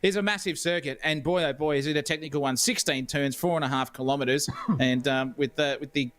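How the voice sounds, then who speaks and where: Australian man, co-commentator, rambling and jokey, slightly high voice. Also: fairly even intonation, fairly quick, fairly bright tone. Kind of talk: live esports commentary.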